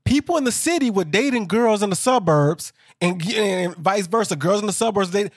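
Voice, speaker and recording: Rambling man, fairly high voice. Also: expressive, normal speed, no echo, clean studio sound. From Chicago area. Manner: rambling anecdotes with restarts. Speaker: podcast co-host. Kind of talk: casual chat recapping a reality show.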